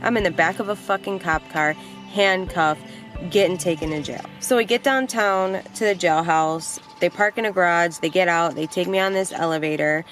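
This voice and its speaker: A young adult woman vlogger telling a personal story in a casual, animated way, blunt and quick to swear. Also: fairly low pitch, soft background music.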